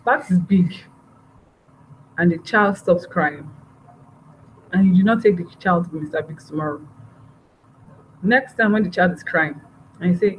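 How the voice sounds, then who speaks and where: A woman's voice: on the low side, measured pace, long pauses. Woman giving a parenting workshop. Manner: earnest, repeats phrases, acts out parent and child lines. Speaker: parenting trainer. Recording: dull, slightly noisy recording.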